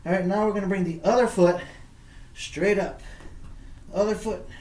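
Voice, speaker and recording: A man coaches children through yoga poses with slow, encouraging, repeated cues. His voice sits a little high. He is recorded from a distance in an echoey room with faint background noise. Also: steady tone, a little mellow. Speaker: kids' yoga instructor. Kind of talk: guided workout instruction. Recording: echoey room, mic far off.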